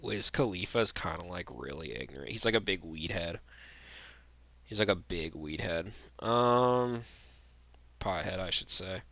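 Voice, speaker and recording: A man's voice: low voice, lively intonation, a little slow, bright, forceful tone, no room sound. A young man giving blunt, rambling tier-list commentary, full of fillers and restarts. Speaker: vlogger.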